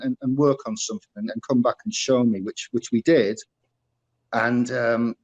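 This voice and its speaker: A man's voice: mid-range voice, a little mellow, low-quality recording. Middle-aged guy w a teesside accent, chatty interview guest, keeps restarting his sentences. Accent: Northeast English (Teesside). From England, northeast (Middlesbrough). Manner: rambling, many fillers and restarts. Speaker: guest, former musical performer. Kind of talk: casual interview storytelling.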